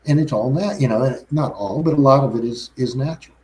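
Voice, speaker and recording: Talk show guest, male, mid-pitched, rambling delivery full of restarts. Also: a little fast, a little mellow, low-quality recording. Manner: rambling, frequent restarts and self-corrections. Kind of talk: casual chat.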